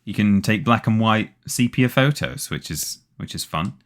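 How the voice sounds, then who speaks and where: Low-voiced man casually streaming a game. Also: lively intonation, normal speed. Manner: rambling, self-correcting, playful. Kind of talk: casual gameplay commentary.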